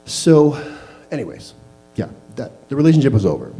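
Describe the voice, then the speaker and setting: A man's voice: mid-range voice, very animated, normal speed, mellow, soft background music, poor audio. A man telling a candid personal story to a live audience, laughing at himself as he goes. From Canada. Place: small live venue.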